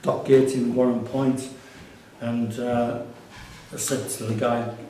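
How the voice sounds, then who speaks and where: A man's voice: medium pitch, little pitch movement, slow, dark tone, a little hiss or hum. A man telling anecdotes about his life during a casual gallery talk, rambling with restarts and fillers. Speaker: artist and curator giving a gallery talk. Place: gallery exhibition space. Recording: echoey room from far off.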